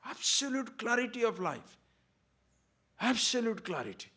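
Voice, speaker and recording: A man's voice: extremely high pitch, very animated, a little slow, sharp tone. A man giving a discourse on scripture as a spiritual teacher, emphatic and full of rhetorical questions, sometimes chanting verses in Sanskrit.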